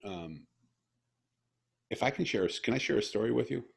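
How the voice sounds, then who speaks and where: Hosting a heartfelt podcast interview, a middle-aged man tells emotional stories in earnest, frequently starting his sentences over. His fairly low voice is creaky and slightly rough, expressive and brisk.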